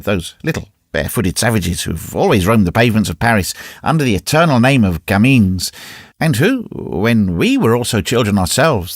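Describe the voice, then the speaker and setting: A man reading a classic novel aloud as an audiobook narrator, in an expressive, varied reading. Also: lowish voice, no echo, studio quality. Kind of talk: scripted narration.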